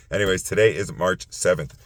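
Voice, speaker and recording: A tired-sounding man with a low voice hosts a casual late-night talk show at a normal pace. He's a podcast host who rambles along, full of fillers and restarts.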